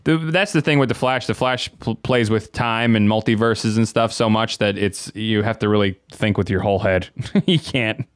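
Casting: mid-pitched man with a smooth, clear voice, rambling podcast co-host, dry sound. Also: normal speed, no room sound. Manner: rambling, laughing, quotes others. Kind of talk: casual chat.

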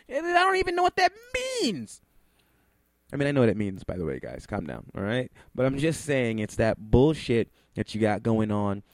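A man's voice: mid-range voice, a little mellow, dry recording. A man hosting an internet radio show, ranting at length in a heated, profane, emphatic way. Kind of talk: ranting talk radio monologue.

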